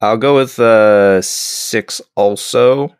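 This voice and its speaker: A man co-hosting a casual review podcast, talking in a relaxed, thoughtful way and laughing along. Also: lowish voice, very slow, clean tone, dry recording, clean studio sound. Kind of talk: casual chat reviewing episodes.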